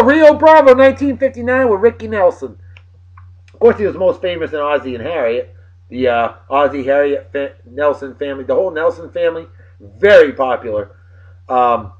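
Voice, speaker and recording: A man from New of the region, hosting a casual video blog with boisterous, jokey shout-outs. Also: fairly high pitch, muffled recording. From New England.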